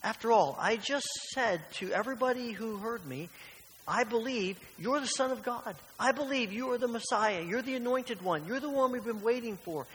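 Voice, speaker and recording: A man's voice: very high voice, moderate pace, fairly bright tone, pitched above the performer's own voice. A man voicing an earnest male disciple who insists on his point in an emphatic way. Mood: insistent. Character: earnest male disciple pleading, sure of himself. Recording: reverberant church hall with faint hiss.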